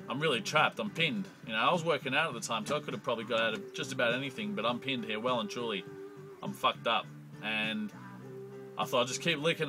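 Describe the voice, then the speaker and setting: A man's voice: mid-range voice, low-quality recording. A young Australian man telling a crude, profanity-laced comic story in a rambling monologue. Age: young adult.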